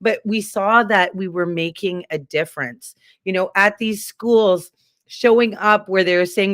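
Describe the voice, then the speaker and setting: A woman from Canada talks in a heated, rambling rush, piling fillers and restarts into animated stories. Her voice sits at an ordinary middle pitch. The sound is dry and close, with no room around it. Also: moderate pace, no room sound. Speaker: guest. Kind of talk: casual political chat.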